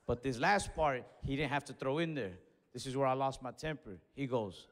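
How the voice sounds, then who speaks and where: A man's voice: medium pitch, moderate pace. A man doing stand-up comedy, telling a story and acting out the other people in it. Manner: animated, acts out both sides of the story. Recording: live show with long hall reverb.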